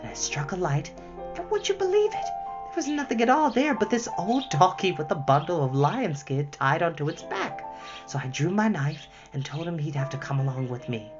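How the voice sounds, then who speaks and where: A man voicing a brave, spirited young girl who talks in a high, fast, breathless way. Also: big pitch swings, music in the background. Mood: excited. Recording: slightly muffled lo-fi recording.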